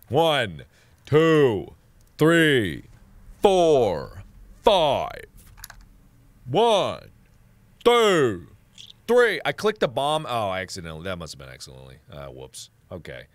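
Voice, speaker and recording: A man in his twenties commentating as he plays a game, swearing in frustration and repeating phrases over and over, swinging from muttering under his breath to loud yelling. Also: medium pitch, wildly swooping pitch, slow, long pauses, no room sound. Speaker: gaming video host. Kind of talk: let's play commentary.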